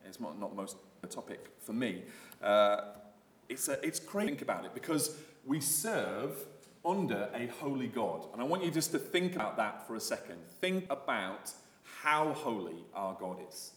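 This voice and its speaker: A man giving a sermon as a visiting preacher, casual and animated, with many fillers and restarts. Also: mid-range voice, normal speed, roomy sound.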